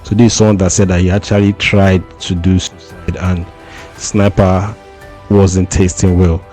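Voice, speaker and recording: A man's voice: deep voice, level tone, normal speed, a little mellow, faint music behind. A man giving casual commentary and reading out posts in a conversational way. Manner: conversational, reads out tweets. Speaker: commentary host.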